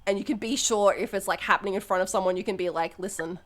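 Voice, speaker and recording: A young woman streamer chatting candidly on a live stream, swearing freely and breaking into loud laughs. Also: medium pitch, steady tone, racing. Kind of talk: casual live-stream chat.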